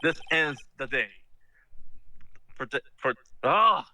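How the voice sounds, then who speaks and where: A man's voice: medium pitch, expressive, takes it slowly, pushed and bright, a little hiss or hum, full character voice, poor audio. A man voicing a stern old judge in a fan voice-over of a game, stumbling over his formal words.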